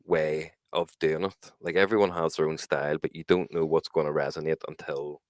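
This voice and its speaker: A man's voice: very deep voice, flat delivery, brisk, no echo. A man co-hosting a podcast, chatting casually and joking with sweary banter. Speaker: podcast co-host, music producer. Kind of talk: casual chat.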